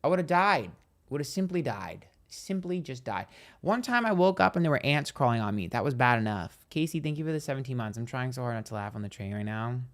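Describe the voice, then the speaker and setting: A man hosting a psychic livestream, telling stories in a sassy, dramatic, profane way, speaking quietly on a train. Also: mid-range voice, expressive, a little fast. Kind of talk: casual livestream chat.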